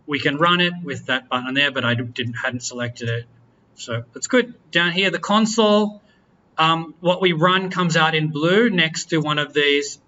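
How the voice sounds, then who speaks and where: A man teaching a university class, walking students through software in a relaxed, chatty way, correcting himself and joking as he goes. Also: on the high side, lo-fi sound, a little hiss or hum. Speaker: university lecturer. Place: lecture room.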